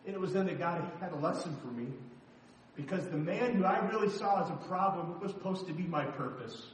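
A man's voice: high-pitched, brisk, slight background noise. A middle-aged man preaching a sermon, telling a story in an emphatic, dramatic way. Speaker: pastor. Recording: echoey hall from far off.

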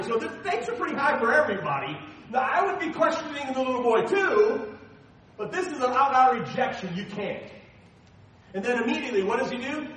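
High-voiced pastor preaching in a big echoey hall. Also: male voice, distant mic. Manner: animated, conversational preaching with rhetorical questions. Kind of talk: sermon. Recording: echoey hall, from afar, faint ambience.

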